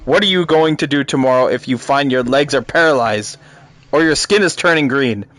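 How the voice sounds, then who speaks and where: A man's voice: medium pitch, moderate pace, a bit bright, no echo, lightly acted. An actor playing a cautious male scientist in a game, speaking in a formal, scolding way. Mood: disapproving. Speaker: game character. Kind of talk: game dialogue.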